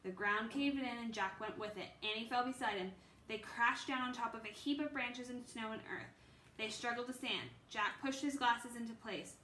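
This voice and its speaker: A woman's voice: on the high side, moderate pace, bright, forceful tone. A woman reading a children's book aloud, unrehearsed, with small stumbles and restarts. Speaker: reader. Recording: echoey room, faint background noise.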